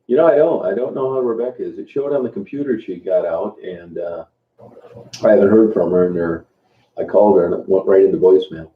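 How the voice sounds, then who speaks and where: A fairly low-voiced male streamer keeps up easygoing chatter with his live audience, pausing, using fillers, and restarting often. The tinny, phone-like audio reverberates around a spacious, echoey room.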